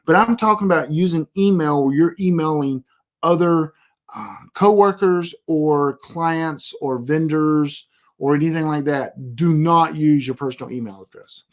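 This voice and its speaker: Emphatic man with a higher voice. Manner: emphatic, repeats warnings, rambling asides. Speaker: presenter giving a privacy tutorial. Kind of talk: casual instructional talk.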